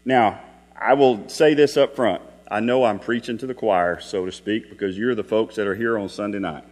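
A man's voice: fairly low pitch, normal speed, darkish tone. A middle-aged man preaching a Sunday evening sermon in a church, telling folksy stories and asking the congregation rhetorical questions. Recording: long hall reverb with mains hum.

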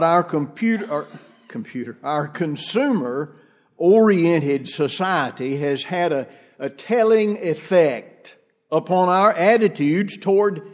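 A man preaching a sermon to his congregation as their minister, talking in a measured, deliberate way and posing rhetorical questions. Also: fairly high pitch. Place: church.

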